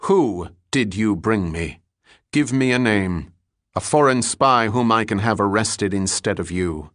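Man reading a cold, shrewd detective, low-voiced and firm. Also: lively intonation, a little slow, a bit bright, dry recording, clean studio sound. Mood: cold, pressing. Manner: clipped and firm. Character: cool, shrewd male detective, pressing hard.

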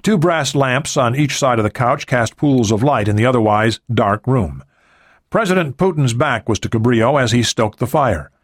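A man with a mid-range voice narrates an audiobook script in a steady, even storytelling tone at a moderate pace. The recording is studio quality with no room sound.

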